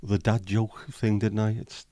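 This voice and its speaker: A man hosting a relaxed livestream, rambling between jokes and greetings to viewers. His voice sits very low with a dark, mellow tone. He talks in a flat, even line. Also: a little slow, no echo, clean studio sound. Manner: rambling, jokey, chatting to viewers. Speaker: livestream host. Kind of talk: casual livestream chat.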